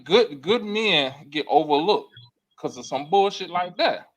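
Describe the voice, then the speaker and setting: A man's voice: a little high, lively intonation, a little slow, rough recording. A man on a podcast reacting in casual chat, emphatic and exasperated, swearing freely. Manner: emphatic, profane, exasperated commentary. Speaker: podcast co-host.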